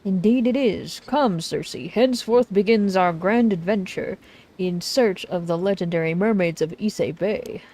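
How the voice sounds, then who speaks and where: A woman voicing a flamboyant, grandiose male fantasy author, reading his lines in a loud, theatrical, pompous way. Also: mid-range voice, a little slow, lightly acted.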